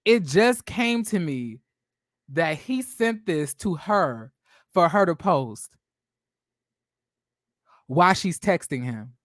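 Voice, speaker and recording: A man hosting a gossip commentary channel, talking in a brash, profane, theatrical way with drawn-out exclamations. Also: on the high side, animated, a bit bright, no room sound, studio quality.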